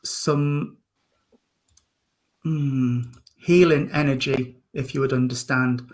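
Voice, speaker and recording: A man's voice: mid-range voice, steady tone, takes it slowly. A man, a reverend and medium, hosting an online service with affectionate, chatty readings over a video call. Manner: affectionate, calls people darling and sweetheart.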